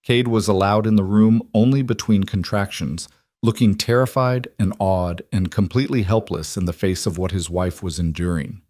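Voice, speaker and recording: A man reading a scripted western story as narrator in a measured, earnest way. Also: lowish voice, a little mellow, dry recording.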